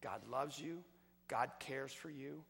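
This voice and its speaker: A male preacher giving a sermon, telling a story with passion, swinging from loud outbursts to hushed words. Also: mid-range voice, slow pace, breathy edge. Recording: long hall reverb.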